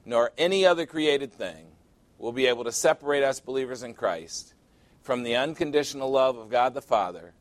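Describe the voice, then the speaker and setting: A male pastor preaching a sermon, emphatic and deliberate, repeating phrases for effect. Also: medium pitch, no echo.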